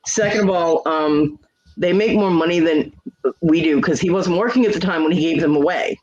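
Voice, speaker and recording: A man's voice: sits high, a little fast. A man hosting a casual livestream chat, venting in a profane, aggrieved way. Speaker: livestream host. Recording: dull lo-fi stream audio.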